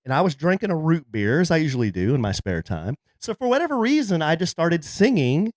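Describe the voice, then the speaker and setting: A man's voice: on the high side, big pitch swings, fairly quick, dry recording, studio quality. A man, co-hosting a podcast and telling a jokey story in a casual chat. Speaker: podcast co-host. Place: in a car.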